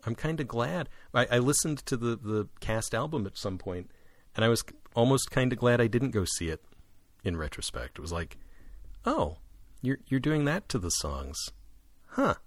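A man co-hosting a podcast, chatting casually and with animation about musicals, with quick jumps up in pitch for asides. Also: animated, no room sound. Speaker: podcast co-host.

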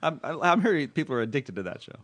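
A man's voice: medium pitch, very animated, very fast, a bit bright. A man hosting a casual comedic podcast, teasing his guests and laughing often. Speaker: podcast host.

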